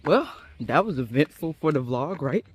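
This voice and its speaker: Young man, high lively voice, casual story-time vlog, walking outside, jumpy. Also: normal speed, breathy edge. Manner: animated, chatty, jumpy and nervous. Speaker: vlogger. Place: outdoors, walking.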